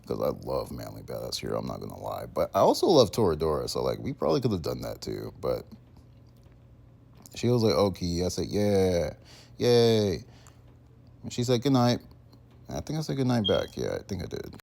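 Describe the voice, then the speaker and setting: A young man talking casually as a vlogger, rambling through chat messages with lots of fillers and "bro", sometimes mumbling and sometimes getting loud. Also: extremely low pitch, very animated, fast talker, vocal fry, slightly rough.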